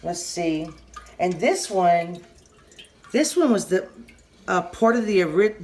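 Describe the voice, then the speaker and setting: A middle-aged woman with a Southern US accent giving a casual kitchen how-to, rambling and halting, often stopping mid-sentence to restart. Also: lowish voice, lively intonation. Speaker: home cooking channel host.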